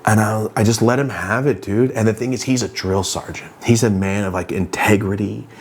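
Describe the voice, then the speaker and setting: A man telling a story-time vlog, animated, swearing and acting out the people in his story. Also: lowish voice, moderate pace, slight background noise. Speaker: vlogger.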